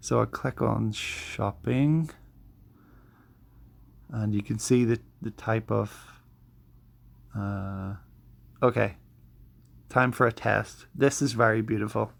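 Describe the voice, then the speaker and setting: A man's voice: lowish voice, steady tone, slow pace, vocal fry, pauses often. A man who walks viewers through his study tools in a chatty, self-deprecating way, often restarting his sentences. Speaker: language learner showing study tools. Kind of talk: casual vlog walkthrough.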